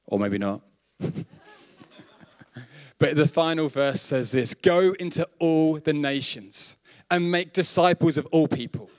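A man from the south of England preaching a sermon, who lifts his voice high when he quotes scripture and laughs off his own slips. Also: moderate pace, hardly any pauses. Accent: Southern English. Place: church hall.

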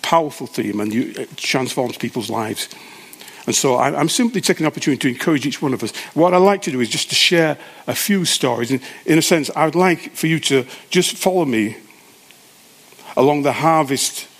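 A man preaching a sermon, telling a story conversationally and halting often to restart his sentences. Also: mid-range voice, gravelly, husky.

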